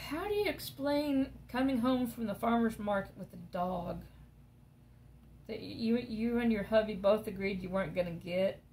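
Lady rambling away while she crafts, kinda gravelly, mid pitch voice. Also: measured pace, a little mellow, slight background noise. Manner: rambling, chatty storytelling. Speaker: crafting vlogger. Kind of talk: casual chat while crafting.

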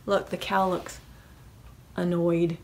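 A woman leading a children's library storytime, reading a picture book aloud in an animated, sing-song voice. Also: fairly low pitch, slow, slight background noise.

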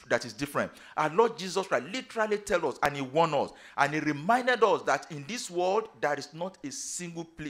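A man's voice: fairly high pitch, a bit bright. Preaching man with emphatic declarations. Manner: preaching with emphatic rising declarations and repeated phrases. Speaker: pastor. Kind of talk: sermon.

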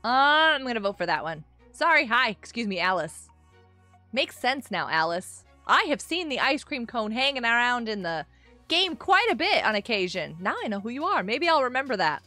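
A woman's voice: fairly high pitch, big pitch swings, moderate pace, sharp tone, no room sound, faint music behind. A woman in her thirties chatting with viewers while she plays on a live gaming stream, bubbly and giggly.

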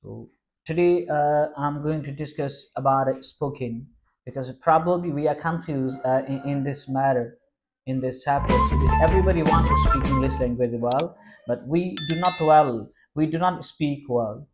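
A man's voice: medium pitch, normal speed, faint music behind. A man from Sindh, Pakistan, with a Pakistani accent and Sindhi as his first language, giving an informal spoken English lesson. He keeps reassuring his listeners, repeats himself often and restarts his sentences. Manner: reassuring, repetitive, frequent restarts. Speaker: English teacher.

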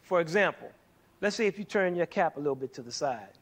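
A man's voice: on the high side, animated, fast. Playful man teaching a music lesson. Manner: playful, demonstrating by counting beats aloud. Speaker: music educator and show host.

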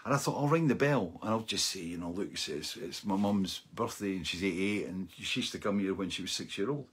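A middle-aged man hosting a live-streamed show, telling a rambling, animated anecdote with frequent laughs and asides. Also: deep voice, fairly quick, slightly rough. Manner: rambling and animated, laughing often and tagging lines with "right?". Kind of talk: casual anecdotal storytelling.

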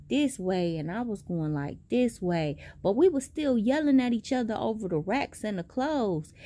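A young woman telling a story in a casual vlog, animated and profane, with big jumps in pitch. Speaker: vlogger.

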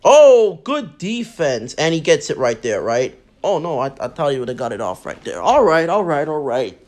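A man giving casual, excitable commentary over his own mobile basketball game and talking straight to his viewers. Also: fairly high pitch, normal speed. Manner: excitable, talks to viewers, says man and bro a lot. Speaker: mobile game channel host.

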